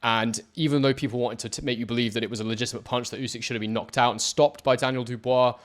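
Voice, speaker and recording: Fast-talking man breaking down fight footage. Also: mid-range voice, fairly even intonation. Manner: emphatic, talks straight to viewers. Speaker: boxing analyst.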